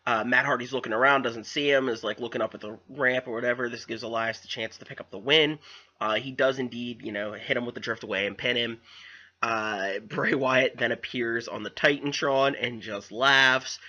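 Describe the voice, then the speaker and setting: A young man casually recapping a wrestling show, rambling and animated with lots of fillers. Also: mid-range voice, normal speed, lo-fi sound.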